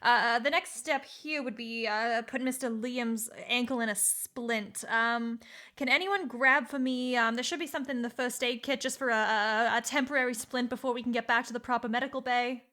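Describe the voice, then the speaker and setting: A woman playing in a tabletop game, talking in a halting, stammering way. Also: fairly high pitch, steady tone, sharp tone. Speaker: player. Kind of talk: tabletop role-play.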